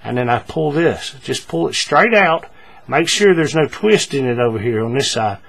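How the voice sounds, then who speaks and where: Talking through each step of a paracord project, a man keeps things easygoing, filling gaps with ums and saying things twice. He speaks at medium pitch and normal speed, sounding gravelly and a little rough.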